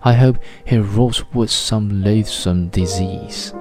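A man voicing a bitter, vindictive betrayed wife who speaks quickly with little gasps and a trembling voice. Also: on the low side, music in the background.

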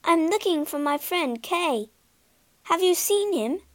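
A woman voicing an eager young girl who pleads and begs, in a slow storybook reading. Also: very high voice, animated, no room sound, voice pushed up, heavily acted.

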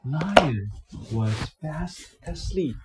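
A reader narrating a children's storybook and its learning exercises slowly and carefully. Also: mid-range voice, expressive, very noisy. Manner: slow, careful reading for learners.

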